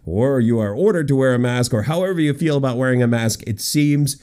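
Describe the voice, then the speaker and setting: A man's voice: mid-range voice, brisk, dark tone. A man hosting a comedic weird-news countdown with wry, jokey asides. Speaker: podcast host.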